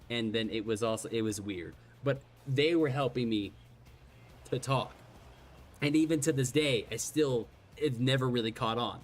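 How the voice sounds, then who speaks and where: A man's voice: mid-range voice, a bit bright, slight background noise. Rambling self-deprecating male streamer. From Ireland. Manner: rambling, self-deprecating, many restarts and swearing. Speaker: game streamer. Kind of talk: casual chat while streaming.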